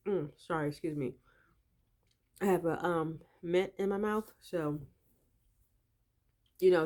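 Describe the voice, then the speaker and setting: A woman speaks in a somewhat low voice, telling of her trouble as a tenant in casual spoken testimony. She sounds emphatic and exasperated and leans on frequent fillers as she goes. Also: darkish tone. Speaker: tenant telling of a dispute with a landlord.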